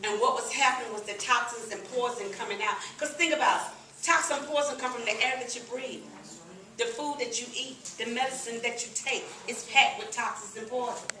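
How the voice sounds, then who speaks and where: A middle-aged woman giving a lively, laughing, folksy testimonial to a live audience at a business meeting. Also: on the high side, fairly quick. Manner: lively, laughing, folksy, addresses crowd as "y'all". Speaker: sales presenter at a business meeting. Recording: echoey room, recorded from a distance.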